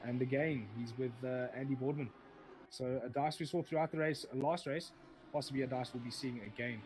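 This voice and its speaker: A man calling a sim race live, chatty and self-correcting, with a mid-range voice. Racing car engine noise runs clearly underneath him the whole time. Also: mid-range voice, steady tone, a little fast, darkish tone, poor audio. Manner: rambling, self-correcting, joking.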